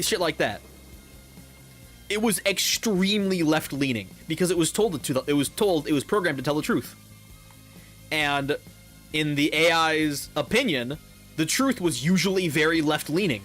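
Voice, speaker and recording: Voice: medium pitch, lively intonation, normal speed, fairly bright tone, faint music behind. A gaming YouTuber ranting over gameplay in a heated, profane way, often repeating words.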